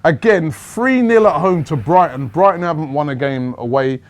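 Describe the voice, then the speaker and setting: Guy hosting football chat, steady, goes through results, slightly high voice. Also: moderate pace. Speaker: football show host.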